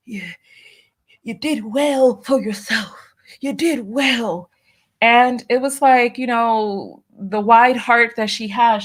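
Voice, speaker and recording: A woman's voice: medium pitch, a bit bright. A woman hosting a casual commentary show, talking wryly with rhetorical questions and reading out viewer donations. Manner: talkative, wry, rhetorical questions. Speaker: show host.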